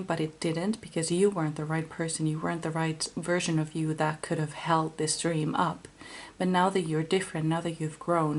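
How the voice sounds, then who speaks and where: Woman tarot reader, lowish creaky voice, gentle, hesitant delivery. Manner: gentle, musing, many fillers and restarts. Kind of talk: intuitive tarot reading to camera.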